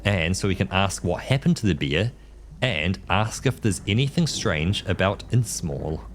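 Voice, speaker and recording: A man streaming live, reading a text adventure aloud in an easygoing way and picking the options quickly. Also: low voice, lively intonation, slight background noise. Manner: easygoing, reads options then quickly decides.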